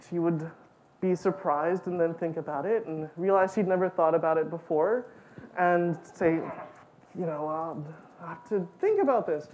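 A woman giving a storytelling talk at a student event, animated and self-mocking, often saying "like" and laughing along. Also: lowish voice, slight background noise, poor audio.

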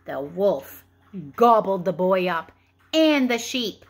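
Woman in her 30s reading a kids story, slow and animated, chatty. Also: medium pitch. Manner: expressive, chatty storytelling with fillers.

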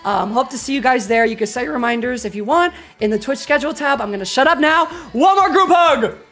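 A woman livestreamer rambling energetically through a casual sign-off, her voice a little croaky. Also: a little high, quick pace, a bit bright, faint music behind. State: slightly croaky. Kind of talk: casual stream sign-off chat.

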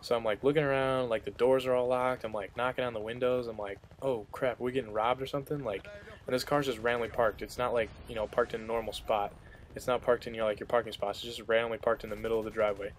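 A man's voice: mid-range voice, level tone, fast, a little hiss or hum. A young man giving casual, rambling commentary over gameplay, with many fillers and restarts as he tells a story.

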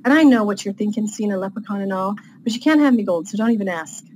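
A woman reads a grumpy leprechaun fellow from a storybook, voiced plainly without any accent. The voice sits at an everyday middle pitch, with no put-on character sound. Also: animated, quick pace, darkish tone, a little hiss or hum, close to an everyday voice, low-quality recording. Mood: grumbling. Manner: read aloud without the accent. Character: grumpy male leprechaun fairy assistant.

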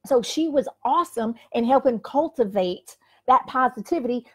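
A woman's voice: on the high side, expressive, normal speed, husky. An older woman who coaches people, giving a frank, emphatic motivational talk to a camera and saying "like" often. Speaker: life coach. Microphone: facing the camera.

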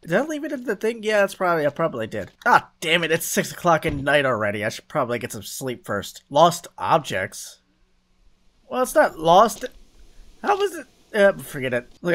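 Gamer host, man: excitable, swears and mutters to himself, lively high-ish voice. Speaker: gaming YouTuber. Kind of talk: let's play commentary.

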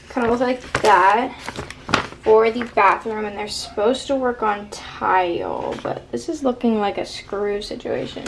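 A young woman in her twenties, talking casually through an apartment vlog. She rambles candidly and uses "like" constantly. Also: on the high side. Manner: rambling, heavy use of "like", candid. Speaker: vlogger. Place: apartment, indoors. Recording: echoey room with background noise.

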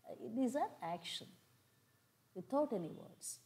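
A woman's voice: a little high, expressive, measured pace, warm tone, poor audio. An older woman from India with an Indian English accent, giving a classroom lecture, explaining step by step with frequent fillers. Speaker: college lecturer.

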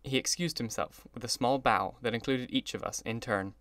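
A man's voice: medium pitch, moderate pace, fairly bright tone, dry recording. Man narrating a novel, dry close sound. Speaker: audiobook narrator.

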